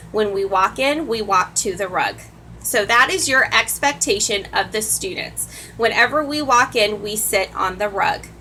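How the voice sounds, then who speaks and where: A woman's voice: a little high, bright, forceful tone, slight background noise, poor audio. A woman teacher giving earnest classroom advice to other teachers, repeating key points for emphasis. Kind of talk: instructional talk to camera.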